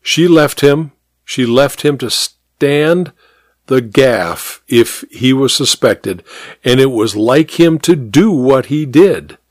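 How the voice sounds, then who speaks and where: A man narrating a mystery story in a measured, expressive reading. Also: mid-range voice, no echo, studio quality.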